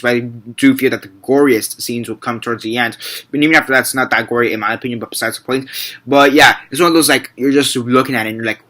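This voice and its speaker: A man's voice: medium pitch, pushed and bright. A young man giving a casual, rambling movie review, repeating and correcting himself and swearing freely.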